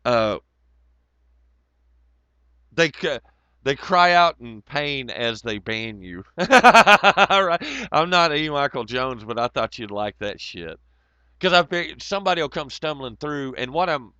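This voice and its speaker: A man's voice: medium pitch, sharp tone, clean tone, no echo, highs cut off. A man ranting in a rambling, profane way on a casual livestream, breaking into laughter often.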